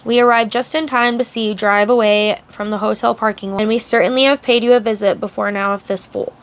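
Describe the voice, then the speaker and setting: A woman reading as a soft-spoken, menacing male henchman. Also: on the high side, steady tone, fairly quick, natural voice. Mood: scornful. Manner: sneering, taunting.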